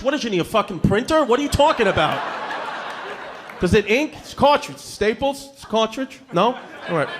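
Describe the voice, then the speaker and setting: High-voiced, exasperated stand-up comic man. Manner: exasperated, mocking, punchy. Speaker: stand-up comedian. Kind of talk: stand-up comedy set.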